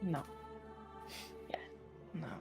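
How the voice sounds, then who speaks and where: Slow-talking woman at a game table. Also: music in the background. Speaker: player. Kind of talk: tabletop game play, casual chat.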